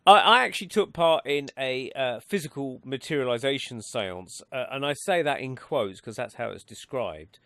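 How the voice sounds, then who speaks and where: A man's voice: mid-range voice, expressive, normal speed, few pauses, a bit bright, no room sound. A man hosting a radio talk show, rambling and hesitant with many restarts. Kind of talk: casual radio chat. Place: radio studio.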